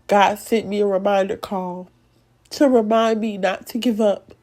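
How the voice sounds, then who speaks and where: A woman's voice: medium pitch, fairly even intonation, unhurried, darkish tone. A young woman hosting a faith podcast, giving an emotional, encouraging devotional talk with preacher-like repetition. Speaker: podcast host.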